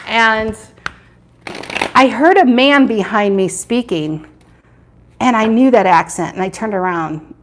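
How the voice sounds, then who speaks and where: A woman's voice: on the high side, takes it slowly, long pauses, a little hiss or hum. A woman doing a live tarot reading, chatting with viewers and repeating her questions as she turns the cards. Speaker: tarot reader.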